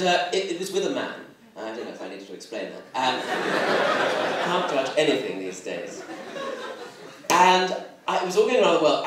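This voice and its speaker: Young man, camp arch stand-up delivery, slightly high voice, echoey distant room, audience laughing. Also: background noise. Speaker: stand-up comedian. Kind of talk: stand-up comedy set. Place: comedy club stage before a live audience. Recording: echoey hall mic from far off, audience laughter. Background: crowd laughing.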